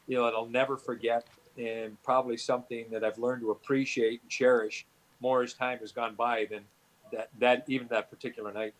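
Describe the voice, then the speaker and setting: A middle-aged man from Canada recalls his playing days in a loose, rambling way. His voice sits at an ordinary pitch, and his stories keep restarting, padded with "you know" fillers. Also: little pitch movement, fairly quick, poor audio. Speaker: guest, former hockey player. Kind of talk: storytelling interview answers.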